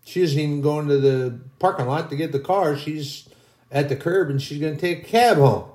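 A man's voice: a little high, moderate pace, darkish tone, reverberant. A man preaching a sermon, telling a long everyday story in a folksy, rambling way.

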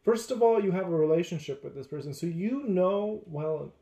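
A man who teaches, talking through faith and relationships in a measured, deliberate way. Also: sits high, warm tone, echoey room. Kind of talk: casual faith discussion.

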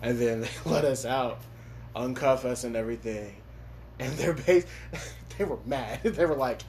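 A man's voice: mid-range voice, a little slow, darkish tone, a little hiss or hum. A young man from Los Angeles telling a story in casual podcast chat, laughing often and swearing freely. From Los Angeles, USA.

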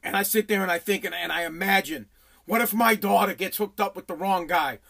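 A man's voice: high-pitched, fairly quick, gravelly, pushed and bright. A middle-aged man hosting his own podcast, talking alone in an agitated, rambling way, with stammered restarts and heavy swearing. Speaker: podcast host. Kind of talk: emotional solo podcast monologue.

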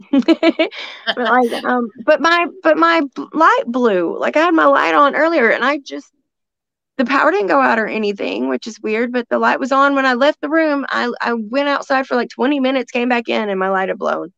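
A woman's voice: high voice, lively intonation, moderate pace, gravelly, fairly bright tone, no room sound. A woman, a psychic medium, chatting casually in a rambling, laughing way. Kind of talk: casual chat. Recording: dull lo-fi dry sound.

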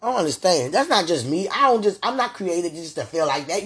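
A woman's voice: fairly low pitch, sing-song, brisk, a bit bright, breathy edge. A woman talking aloud to God in an emotional prayer, pleading and sighing, worked up and near tears. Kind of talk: emotional spoken prayer monologue.

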